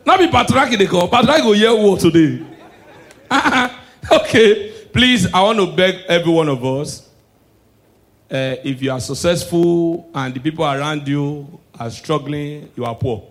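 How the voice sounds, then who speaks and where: A stand-up comedian with a Nigerian Pidgin English accent, his voice sitting notably high for a man. He is loud and animated on stage and shouts his punchlines. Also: a little slow.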